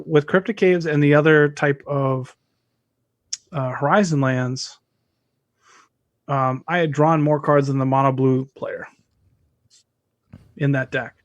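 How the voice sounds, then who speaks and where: A man's voice: a little high, steady tone, slow pace, long pauses, no room sound, dull audio. A man co-hosting a podcast in casual chat, rambling and joking and swearing freely. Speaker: podcast co-host.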